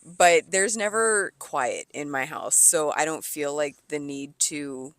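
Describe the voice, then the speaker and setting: A woman's voice: low-pitched, slow pace, a bit bright, dry recording. A woman co-hosting a podcast in casual chat, blunt and sarcastic, swearing freely as she tells stories. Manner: blunt, profane, sarcastic storyteller. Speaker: podcast co-host.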